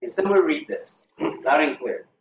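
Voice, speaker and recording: A man leading a casual Bible study as pastor, halting with fillers and restarts, asking his group questions. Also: on the high side, lively intonation. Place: church room. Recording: roomy, distant, dull lo-fi recording with faint noise.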